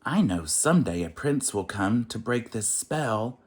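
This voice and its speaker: A man doing a squeaky, frantic little storybook mouse. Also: animated, measured pace, darkish tone, husky. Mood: grumbling. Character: fretful sleepy little male mouse.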